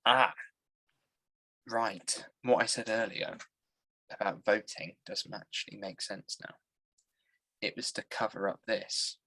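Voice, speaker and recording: A man's voice: lowish voice, steady tone, slow, pauses often, bright, forceful tone, low-quality recording. A man hosting a podcast commentary, explaining the plot in a hesitant, step-by-step casual chat. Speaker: podcast host.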